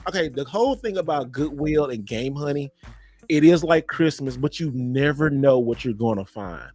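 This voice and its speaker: A man's voice: medium pitch, moderate pace, soft background music. A man hosting a casual podcast chat, telling stories animatedly and acting out quotes. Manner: animated storyteller, acts out quotes. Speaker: podcast host.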